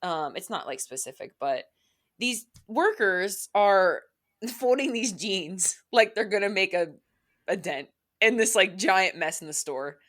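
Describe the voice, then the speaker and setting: A woman's voice: lowish voice, expressive, moderate pace, a bit bright. A young woman co-hosting a podcast, ranting candidly in casual chat, full of "like" and swearing. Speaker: podcast co-host.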